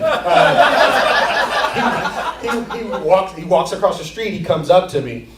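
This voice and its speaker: A man's voice: high voice, expressive, slow, reverberant, far from the mic, very noisy. A man doing stand-up comedy, telling a rambling story and laughing at his own jokes while acting out friends and family. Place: comedy theater stage.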